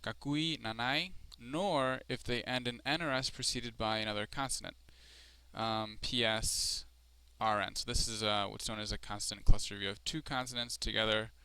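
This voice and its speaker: A man's voice: medium pitch, fairly even intonation, moderate pace, sharp tone, smooth, no room sound. A man teaching Spanish marks in a screencast lesson, explaining step by step with frequent ums and restarts. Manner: explanatory, with frequent fillers and self-corrections.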